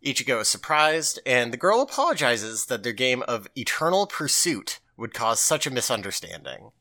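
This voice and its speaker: Man, podcast host, casual recap, swears freely, lively pitch, bright tone. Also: normal speed. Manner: loose and animated, swears freely.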